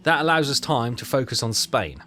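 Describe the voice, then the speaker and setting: A man giving casual commentary on a strategy game, thinking aloud with halting, self-correcting phrases. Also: mid-range voice, sing-song, sharp tone, soft background music. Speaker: gaming channel host.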